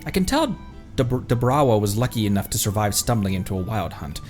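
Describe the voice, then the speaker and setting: A man's voice: on the low side, sing-song, a little fast, darkish tone. A man streaming a game, joking and reading the dialogue aloud. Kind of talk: casual gameplay commentary. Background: faint game music.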